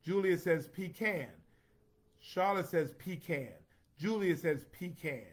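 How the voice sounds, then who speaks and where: Man hosting a casual livestream, playful and chatty, slightly high voice, reads comments aloud. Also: takes it slowly. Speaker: host reading viewer comments.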